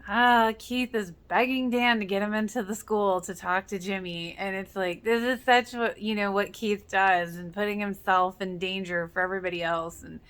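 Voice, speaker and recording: A woman's voice: mid-range voice, fairly even intonation, moderate pace, hardly any pauses, a bit bright, clean tone. A woman giving casual reaction commentary, earnest and emotional, with many fillers. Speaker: reaction video host.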